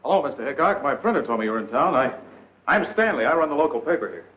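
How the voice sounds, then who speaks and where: An actor playing a wry, slightly hesitant small-town newspaper editor in 1940s serial style. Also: male voice, mid-range voice, animated, racing, breathy edge. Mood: sly. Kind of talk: 1940s film serial acting. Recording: tinny thin old film soundtrack.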